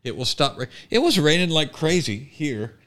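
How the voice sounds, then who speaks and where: A man's voice: fairly high pitch, big pitch swings, normal speed, a bit bright. A man co-hosting a podcast in a casual, joking chat, talking in long winding sentences. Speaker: podcast co-host.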